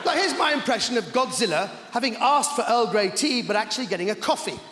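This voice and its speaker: A man doing stand-up in a big theatre, his high voice swooping all over the place and breaking into shouts. The sound is roomy with long reverb, and a loud crowd laughs behind him. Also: quick pace, slight background noise. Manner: animated, bursts into shouts. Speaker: stand-up comedian. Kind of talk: stand-up comedy. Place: large theatre stage. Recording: echoey hall, crowd laughter.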